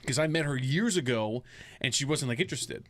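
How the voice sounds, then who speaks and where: A man co-hosting a loose, casual chat, talking at a very fast clip. He tells stories and acts out the people in them, jumping up into a high, squeaky voice for their lines. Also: expressive, fairly bright tone. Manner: fast storyteller, mimics others in a high voice. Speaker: podcast co-host.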